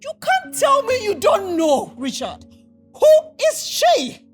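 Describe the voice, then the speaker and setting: A woman's voice: very high voice, huge pitch swings, slow pace, heavily acted. An actress playing a suspicious wife who accuses her husband and demands answers. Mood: accusing. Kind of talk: Nollywood film acting. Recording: film soundtrack with music behind.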